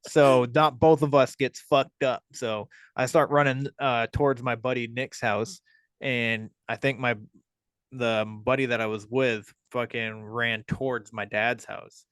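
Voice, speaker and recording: A man's voice: medium pitch, steady tone, measured pace, fairly bright tone, clean tone, no echo. A man hosting a podcast, telling a story in a casual, rambling way with lots of swearing, fillers and restarts. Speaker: podcast host.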